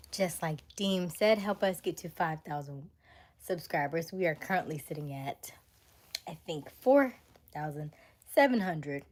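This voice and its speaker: Young woman, casual livestream chat, slow pace, animated voice, laughs often. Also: low voice. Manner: laughs often, reads and answers chat names. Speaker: livestream host.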